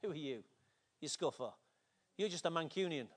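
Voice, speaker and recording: A man voicing a scornful giant warrior in a low, quiet sneer. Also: lively intonation, moderate pace.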